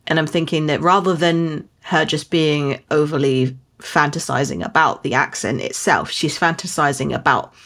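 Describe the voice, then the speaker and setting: A British woman with a fairly low voice chats casually on a book podcast. She jokes with a dry wit and often breaks into laughter. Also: normal speed, hardly any pauses, a bit bright. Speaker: podcast co-host. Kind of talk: casual book discussion chat.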